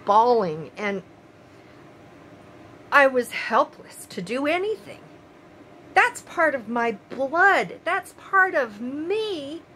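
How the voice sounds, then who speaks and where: A woman's voice: mid-range voice, a bit bright, a little hiss or hum, rough recording. An older woman and grandmother talking straight to her viewers in an emotional, pleading opinion monologue, repeating her phrases. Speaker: vlogger.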